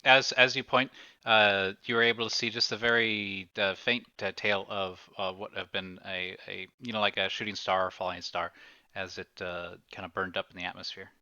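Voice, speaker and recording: A man's voice: deep voice, level tone, normal speed, bright, forceful tone, no room sound, dull audio. A man narrating a tabletop game as game master, hesitant and full of fillers.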